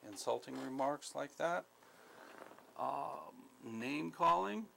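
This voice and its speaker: Gravelly-voiced man teaching a skills class. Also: fairly high pitch, animated, sharp tone, a little hiss or hum, poor audio. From United States. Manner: deliberate, repeats key points, many ums. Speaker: instructor. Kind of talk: skills training lecture.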